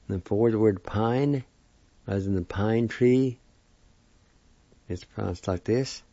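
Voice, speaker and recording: A man slowly teaching the spelling and pronunciation of new words, repeating each syllable with care. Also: lowish voice, creaky, dark tone, dry recording. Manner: slow, deliberate, repeats syllables carefully. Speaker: language teacher. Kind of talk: slow spelling and pronunciation lesson. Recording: dull lo-fi sound.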